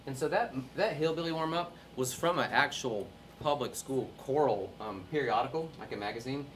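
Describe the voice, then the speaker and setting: A man from North Carolina leads a music workshop for teachers in a chatty, upbeat way, laughing often between points. His voice sits at an ordinary middle pitch. Faint background noise runs under the talk. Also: normal speed.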